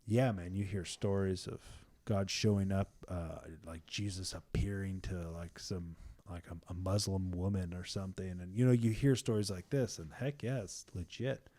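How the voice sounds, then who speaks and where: Man, lowish voice, casual podcast host, animated, filler-heavy, sometimes hushed. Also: moderate pace, few pauses. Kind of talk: casual faith discussion.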